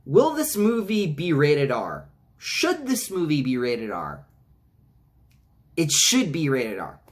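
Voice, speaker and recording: A man giving a casual trailer reaction, rambling with many restarts and some swearing, and mocking lines in high-pitched voices. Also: wildly swooping pitch, takes it slowly. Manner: rambling, frequent restarts and profanity. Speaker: movie reviewer.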